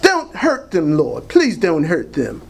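A grown Jesus figure with a British accent, slow and imploring like a character from an old film epic, as a preacher puts him on. The voice sits high and swings widely in pitch. The drawn-out delivery sounds theatrical. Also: male voice, huge pitch swings, creaky, distant mic, heavily acted. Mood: pleading. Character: pleading Jesus, a grown man begging his Father.

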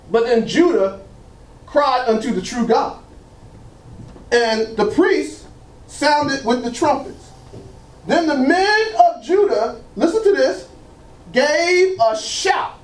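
Preacher, sermon, call-and-response, unhurried delivery, animated pitch. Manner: emphatic, repeats phrases, frequent "praise God"; leads the congregation in answers.

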